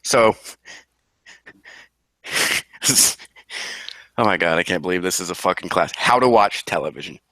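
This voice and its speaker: A man's voice: low-pitched, lively intonation, unhurried, pauses often, sharp tone, no echo. A man co-hosting a casual podcast while sick. He swears freely, laughs often and sounds mock-incredulous. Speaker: podcast co-host. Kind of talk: casual chat.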